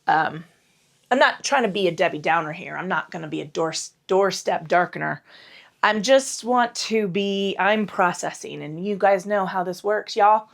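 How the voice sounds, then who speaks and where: A woman's voice: lowish voice, normal speed, creaky. A middle-aged woman teaching a casual yoga class, rambling, swearing freely and joking at her own expense. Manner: rambling, profane and self-deprecating. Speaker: yoga instructor. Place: indoors at home.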